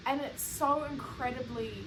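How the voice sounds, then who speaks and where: A young woman co-hosting a casual chat podcast, telling stories in an animated way with quick restarts. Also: high-pitched, slight background noise, poor audio. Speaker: podcast co-host.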